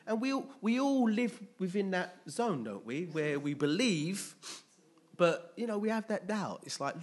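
A man's voice: high voice, sing-song, measured pace. A man preaching a conversational sermon, often checking in with his listeners.

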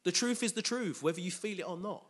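A man preaching a sermon with animated, emphatic delivery and call-and-response. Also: sits high, quick pace, breathy edge.

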